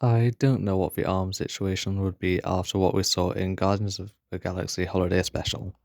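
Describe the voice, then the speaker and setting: Man reading a fan pitch, very low voice, dry close sound, casual asides. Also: level tone, a little fast, creaky, a little mellow, dry recording. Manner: casual asides between narration. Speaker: fan storyteller.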